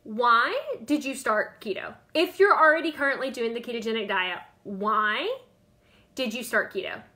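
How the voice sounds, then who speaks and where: A diet coach in her thirties or forties goes live on Facebook, chatting, repeating herself, and calling out viewers by name. Her voice is on the high side, bright and forceful, at a moderate pace.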